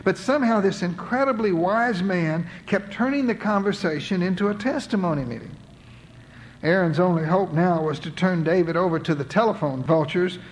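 A man's voice: high-pitched, slight background noise, low-quality recording. A man narrating a biblical story aloud and voicing its characters, reading scripture with dramatic emphasis.

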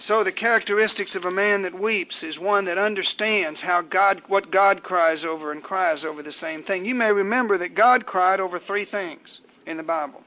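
Delivering a sermon, an older man speaks with a bright, high-pitched voice. He builds his points through layered repetition, his rhythm deliberate and rhetorical.

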